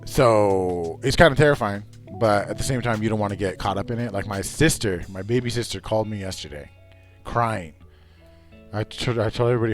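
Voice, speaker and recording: A man's voice: fairly low pitch, a little fast, a bit bright, faint music behind. A man hosting a livestream, chatting casually in a rambling, profane way with many restarts. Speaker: livestream host.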